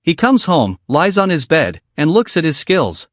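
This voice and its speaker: Man narrating a lively plot recap. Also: a little high, no room sound, clean studio sound. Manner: brisk plot-summary reading. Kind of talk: scripted narration.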